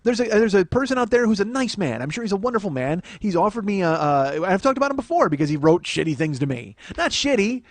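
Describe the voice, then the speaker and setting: A man's voice: sits high, sing-song, quick pace, few pauses, dry recording. A man in his forties hosting a solo comedy podcast, ranting in a profane, self-mocking, mock-indignant way.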